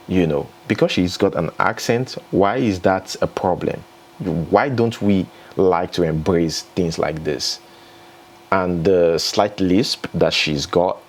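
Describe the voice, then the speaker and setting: A Nigerian man hosting an entertainment news vlog, chatty and opinionated, who cannot pronounce R. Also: low-pitched. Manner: chatty, opinionated, laughs between remarks. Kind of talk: casual news commentary vlog.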